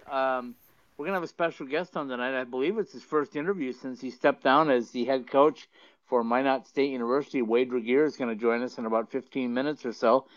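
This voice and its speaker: A man's voice: medium pitch, no echo, rough recording. A man co-hosting a casual sports talk show, easygoing and encouraging, with frequent fillers. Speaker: co-host. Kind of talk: casual sports radio chat.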